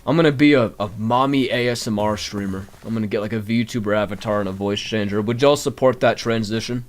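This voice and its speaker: A man's voice: on the low side, fairly quick. A man doing live gameplay commentary, grumbling and talking to his chat. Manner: animated, grumbling, talks to chat. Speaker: game streamer.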